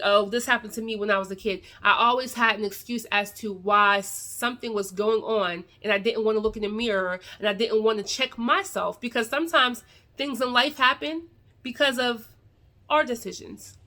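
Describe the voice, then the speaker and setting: Bright, higher-pitched woman, earnest advice vlogger talking straight to viewers. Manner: earnest, preachy, addresses viewers directly. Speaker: video creator giving life advice. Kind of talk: casual talk to camera.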